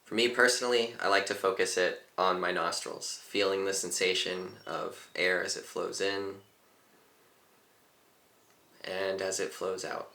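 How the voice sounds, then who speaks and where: Man, guided meditation teacher, calm and unhurried, lowish bright voice, echoey room. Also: vocal fry. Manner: calm, unhurried, gently instructive.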